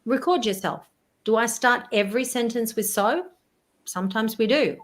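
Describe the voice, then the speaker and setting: A woman, a voice presentation coach giving tips in an interview, animated and demonstrative. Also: fairly high pitch, normal speed.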